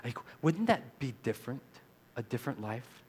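A man's voice: medium pitch, sing-song, normal speed, slight background noise. Earnest male pastor preaching. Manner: earnest, swings from quiet reflection to loud emphatic repetition; leads the congregation in call-and-response. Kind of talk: sermon.

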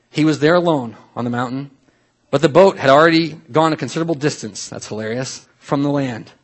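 Husky-voiced man preaching a lively sermon. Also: a little high. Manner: lively storytelling, swinging from soft asides to loud acted-out voices. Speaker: pastor.

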